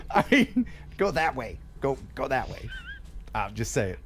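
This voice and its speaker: A man's voice: medium pitch, takes it slowly, a little hiss or hum. A man hosting a live stream, joking around and reading chat messages. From USA. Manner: joking, animated. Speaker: host.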